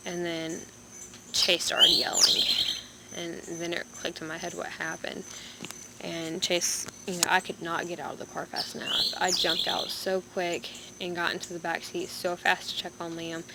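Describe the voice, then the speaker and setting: A young woman vlogger, in pain and low on energy, telling a story in a rambling, halting way into a phone. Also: level tone. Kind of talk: casual vlog storytelling. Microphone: phone camera. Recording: background noise with birds and insects.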